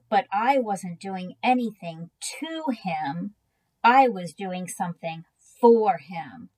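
A woman reading a children's book aloud in a gentle, unhurried storytelling manner. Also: mid-range voice, animated, low-quality recording. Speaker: reader.

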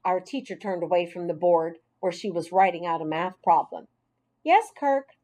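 A woman narrating a children's audiobook in a clear, expressive storytelling voice. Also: on the low side, fairly quick.

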